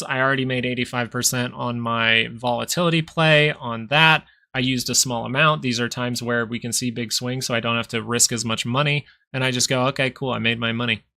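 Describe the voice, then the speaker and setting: A man's voice: mid-range voice, gravelly, bright, forceful tone. A man hosting a live stock market stream, talking casually and rambling as he thinks aloud over charts. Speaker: stock market livestream host.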